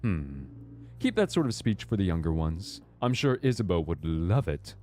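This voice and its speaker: A sardonic older woman speaks low and dry, barely impressed by anything, voiced by a man. Her remarks come flat and knowing. It is a streamer's character voice for a role-playing game. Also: moderate pace, soft background music. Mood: wry. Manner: dry, wry, unimpressed.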